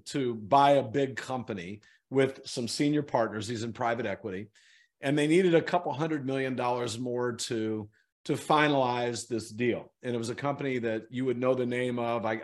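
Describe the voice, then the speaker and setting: A middle-aged man, a guest in an interview, telling an animated story and acting out the people in it. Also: mid-range voice.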